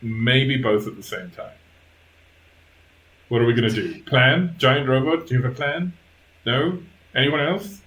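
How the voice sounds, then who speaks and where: A man voicing a volatile, grieving woman adventurer in a deep, manly voice, with clipped, threatening outbursts. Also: a little slow, long pauses, a bit bright, close to an everyday voice, low-quality recording. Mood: furious.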